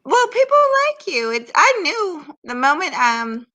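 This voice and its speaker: Woman, drowsy, stammering, bright voice, a bit high. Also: sing-song, a little slow, rough recording. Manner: hesitant, stammering. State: drowsy from medication. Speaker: guest on a live stream. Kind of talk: casual chat. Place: in bed at home.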